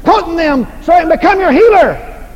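A man's voice: very high voice, lively intonation, moderate pace, muffled recording. A male preacher giving a folksy, humorous sermon that repeats its points for emphasis. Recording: echoey hall, faint noise.

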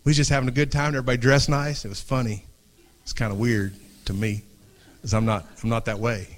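Earnest pastor preaching. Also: male voice, mid-range voice, flat delivery, quick pace. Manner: earnest, swings from hushed to raised, restarts phrases. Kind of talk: impassioned sermon. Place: church before a congregation.

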